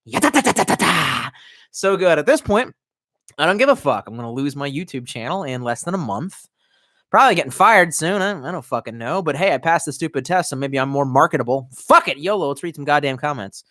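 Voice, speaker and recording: A man's voice: a little high, fairly quick, no room sound. A young man in casual live stream talk, rambling and profane, close to a desk mic in a small room at home. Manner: profane, rambling, animated storytelling.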